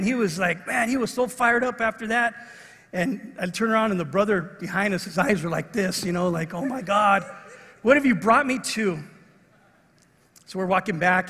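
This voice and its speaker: A middle-aged man preaching a sermon, telling a personal story in an animated way and acting out the voices of the people in it. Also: high-pitched, breathy edge. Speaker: pastor. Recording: long reverb of a large hall.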